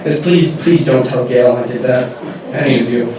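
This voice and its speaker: A man's voice: mid-range voice, moderate pace. A man performing a live stage comedy show, chatting in a playful, teasing way. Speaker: character performer. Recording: echoey hall from far off, faint noise.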